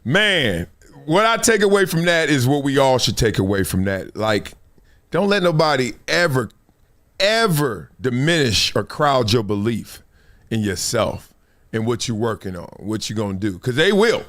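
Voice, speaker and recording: A man's voice: mid-range voice, very animated, moderate pace, a bit bright. A man hosting a live sports talk show, telling stories in a preachy, playful way, acting out quotes and laughing often. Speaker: host.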